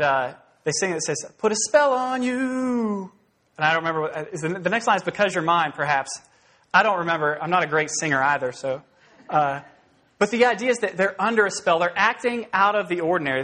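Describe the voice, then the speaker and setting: A man preaching an expository sermon in a conversational, animated way, rising into emphatic bursts. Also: on the high side. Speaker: pastor.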